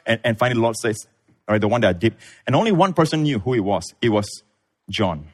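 Male pastor preaching, voice climbing high then dropping low, acts out the people in the story. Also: quick pace. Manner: animated storytelling, acts out voices, big pitch swings. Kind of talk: sermon.

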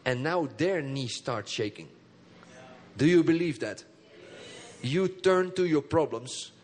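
Man pastor w a high voice preaching, gets the crowd to say stuff back, goes soft then loud. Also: animated, slow. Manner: engages the congregation with call and response; emphatic, swings between soft low phrases and high bursts. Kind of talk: sermon.

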